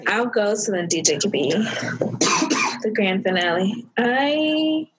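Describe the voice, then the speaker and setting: A woman's voice: mid-range voice, lively intonation, slow, very noisy. A woman co-hosting a casual podcast chat, playful and giggly. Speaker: podcast co-host.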